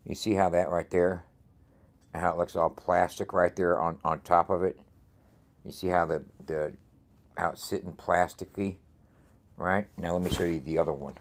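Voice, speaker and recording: A man's voice: low voice, fairly even intonation, normal speed, long pauses. A man vlogging from a print shop, talking casually and profanely to his viewers in a rambling, repetitive way. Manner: profane, rambling, repeats himself. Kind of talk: casual motivational talk to camera.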